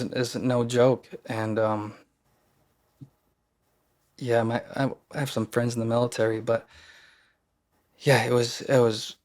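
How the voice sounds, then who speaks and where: Male podcast guest, mid-pitched, earnest and emotional as he tells his story. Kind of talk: casual storytelling.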